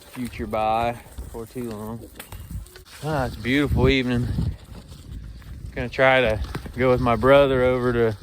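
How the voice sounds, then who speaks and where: A man, talking casually while doing farm chores and calling loudly to his animals. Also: medium pitch, slight background noise. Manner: calls loudly to animals, chatty and laughing. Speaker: farm vlogger. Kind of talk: casual farm vlog narration. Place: outdoors on a farm.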